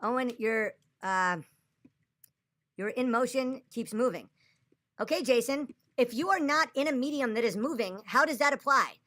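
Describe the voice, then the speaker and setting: A woman's voice: on the high side, normal speed, fairly bright tone. A tipsy woman ranting and arguing on a livestream, agitated and profane. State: tipsy after a few drinks. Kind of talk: livestream rant.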